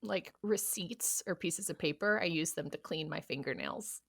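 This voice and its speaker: A woman co-hosts a chatty podcast and tells things with playful, exaggerated drama. Her voice is bright and lifted, recorded close with a dry sound. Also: on the low side, moderate pace, creaky, no room sound. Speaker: podcast co-host. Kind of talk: casual chat.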